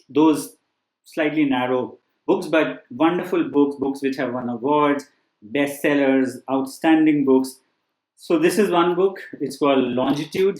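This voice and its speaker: A man's voice: medium pitch, darkish tone. A man giving casual book recommendations as a test-prep teacher, talking loosely with many fillers and restarts. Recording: echoey room.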